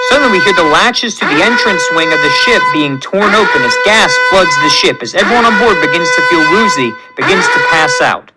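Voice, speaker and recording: A man hosting his channel, reading a fan story aloud with lively narration. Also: sits high, brisk, hardly any pauses, heavy background noise. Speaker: channel host.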